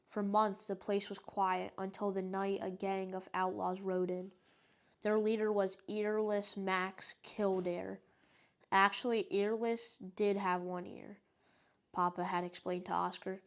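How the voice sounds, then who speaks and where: A woman reading a children's book aloud in a steady, even narrating voice. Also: mid-range voice, unhurried. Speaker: storyteller.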